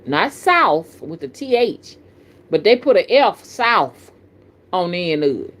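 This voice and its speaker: Southern woman host, middle-aged, folksy and animated, talks straight to her audience. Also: fairly low pitch, normal speed. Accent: Southern American. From American South. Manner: folksy, animated, addresses viewers as y'all. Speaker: spiritual reader and channel host. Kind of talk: casual live-stream talk.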